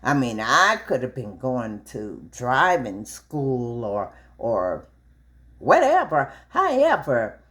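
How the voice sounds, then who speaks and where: Slow, animated middle-aged woman storyteller. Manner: animated, acts out dialogue with big pitch jumps. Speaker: vlogger. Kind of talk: casual storytelling while cooking.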